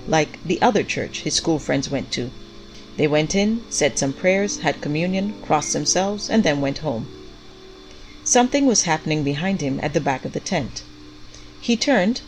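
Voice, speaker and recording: A woman with a notably low voice reads a story aloud in a measured, even way. Faint music plays softly behind her narration. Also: low-quality recording.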